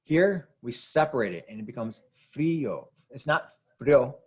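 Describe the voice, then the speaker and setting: A man's voice: medium pitch, expressive, a little fast, husky. A man teaching a lesson, explaining rules patiently and repeating key points. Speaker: Spanish teacher. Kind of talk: classroom explanation.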